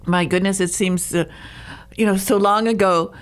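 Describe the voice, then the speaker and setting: A woman's voice: medium pitch, fairly even intonation, moderate pace. A woman hosting an interview, talking in an effusive, complimentary way. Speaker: interview host. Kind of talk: casual interview chat.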